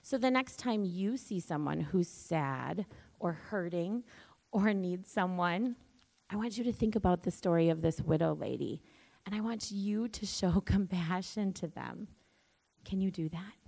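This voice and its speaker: A woman in a church telling a Bible story to children, gently and expressively, asking them to say words back. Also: lowish voice, unhurried, creaky.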